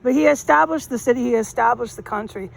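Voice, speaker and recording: A woman's voice: on the high side, fast, vocal fry. A woman rambling emphatically in casual slang as she walks a city street and films a vlog on her phone. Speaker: vlogger. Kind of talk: walking vlog monologue. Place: city street outdoors, walking. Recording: faint street noise outdoors. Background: street noise and passing traffic.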